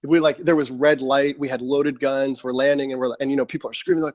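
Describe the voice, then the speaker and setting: Speaking quickly with few pauses, a thirty-something military veteran recounts a long story as a podcast guest, his voice sitting in the mid range. His delivery is lively, full of fillers, with his own quotes acted out. The recording is dry and a little muffled from the studio mic.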